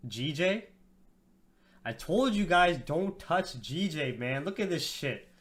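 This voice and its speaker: A man's voice: a little high, sing-song, takes it slowly, a bit bright. A tired man hosting a live market-analysis stream, chatting casually and profanely with his viewers. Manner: profane, slangy, chats with viewers as "bro". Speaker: trading livestream host. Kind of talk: casual livestream market commentary.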